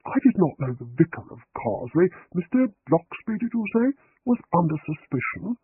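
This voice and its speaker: Man voicing a mild older vicar, genteel, apologetic, husky, dry tinny sound. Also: high-pitched, sing-song, moderate pace, no room sound, voice pushed up, full character voice.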